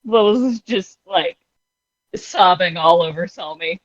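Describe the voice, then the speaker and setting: Woman game master, unhurried narration, dry studio sound. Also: lowish voice, no room sound, muffled recording.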